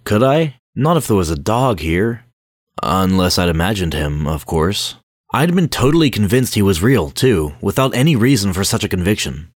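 Man reading a dark first-person audiobook, low voice, dry close sound. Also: dry recording. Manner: brooding, introspective. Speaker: audiobook narrator.

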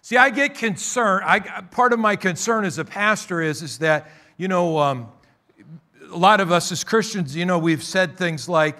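A male pastor preaching a sermon, calling out for amens and moving between loud emphatic bursts and quieter asides. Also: on the high side, normal speed.

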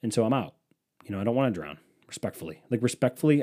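Young dude doing a solo podcast, swears a lot, goofy, voice swings all over, kinda mellow tone. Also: male voice, fairly low pitch, expressive, fast talker. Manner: rambling, profane, self-mocking. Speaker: podcast host. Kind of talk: casual solo podcast chat.

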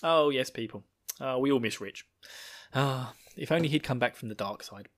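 A man's voice: medium pitch, normal speed, fairly bright tone. A man from the UK, hosting a podcast in rambling casual chat and laughing at his own jokes. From United Kingdom. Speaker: podcast host.

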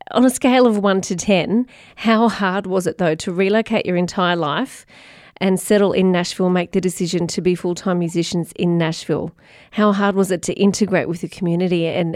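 A woman's voice: on the low side, a little mellow, no room sound. Teasing woman host, dry close sound. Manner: engaged, teasing. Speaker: podcast host. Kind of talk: interview questions.

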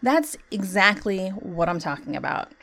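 A woman's voice: mid-range voice, expressive, measured pace, pushed and bright. A woman hosting a solo talk, speaking earnestly and conversationally about compassion and spiritual growth, often saying "you know" and breaking into laughter. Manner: many "you know" fillers.

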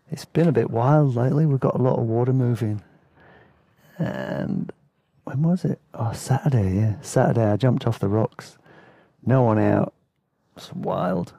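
This man's mid-range voice has vocal fry and a warm, slightly rough tone, recorded without echo. A podcast host and storyteller, he wanders through travel stories in a laid-back way, laughing occasionally in what amounts to a casual spoken travel memoir.

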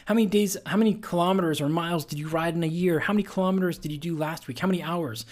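A male athlete hosting a solo podcast, talking earnestly and conversationally with frequent fillers. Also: on the high side.

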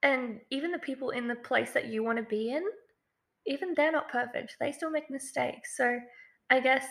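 A woman co-hosting a self-development podcast in an upbeat, chatty way. Her voice is bright and clear and sits a little high, and she leans on filler words as she talks. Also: fairly even intonation, normal speed. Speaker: podcast co-host. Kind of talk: casual podcast chat.

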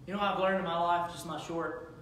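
A man in his thirties preaches a sermon, his voice high and bright. He moves from easy conversational talk to loud, shouted exhortation. The sound is distant and heavily echoing, with a faint hiss behind it. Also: flat delivery, brisk. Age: 30s. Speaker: pastor. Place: church sanctuary.

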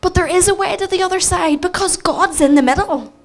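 A woman's voice: extremely high pitch, a little fast. Northern Irish woman preaching with humour. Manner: animated, self-mocking storytelling with acted quotes. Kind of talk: storytelling sermon.

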